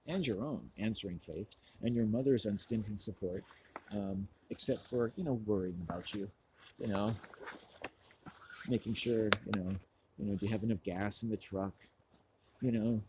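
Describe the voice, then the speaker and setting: Low, mellow-voiced man rambling casually. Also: slight background noise. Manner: rambling, profane, full of fillers; acts out quoted people. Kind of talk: casual movie recap rant.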